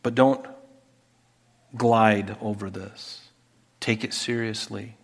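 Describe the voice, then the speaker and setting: A man preaching a sermon, earnestly pleading about forgiveness, and rising in pitch and volume as he reads scripture aloud. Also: little pitch movement, slow, gravelly. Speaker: pastor. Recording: long hall reverb.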